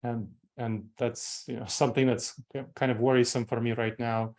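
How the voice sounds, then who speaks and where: A man's voice: medium pitch, flat delivery, normal speed, darkish tone. Man with a Moldovan accent teaching. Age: 40s. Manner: explanatory, repeats key terms for emphasis. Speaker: corporate trainer. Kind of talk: training talk to company staff.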